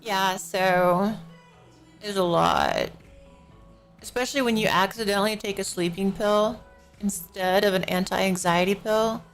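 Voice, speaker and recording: A woman's voice: medium pitch, very animated, unhurried. A drowsy woman streams from her home desk and rambles through casual chat, yawning and a little out of it. She talks into a good desk microphone, with faint music drifting in from somewhere nearby. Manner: rambling, slightly out of it. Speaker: live streamer. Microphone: professional-grade desk microphone. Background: faint music from a neighbor.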